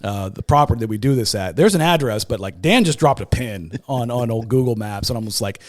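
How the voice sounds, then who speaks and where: A man and sports talk show host, giving a raw, emotional personal testimony as a podcast guest. He talks in a halting way, with many restarts and fillers, and his voice jumps much higher when he quotes others. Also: expressive, dry recording, clean studio sound.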